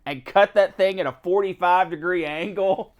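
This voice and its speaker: A man's voice: high-pitched, moderate pace. A man telling work stories in a casual chat, acting out what other people said. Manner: animated storytelling, acts out other people's lines. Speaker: co-host.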